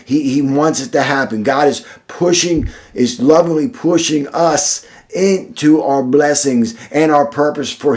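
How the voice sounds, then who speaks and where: Man, devotional speaker: earnest, deliberate, repeats lines for emphasis, mid-pitched voice. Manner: earnest, repetitive, building emphasis through repeated phrases; slow, deliberate delivery with frequent restarts. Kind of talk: short devotional sermon.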